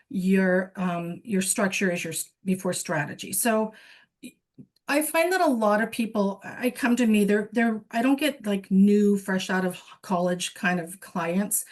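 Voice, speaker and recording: A woman business coach, a guest in an online summit interview, explaining her method earnestly, often restarting her sentences. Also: medium pitch. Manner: earnest, lots of restarts and self-corrections.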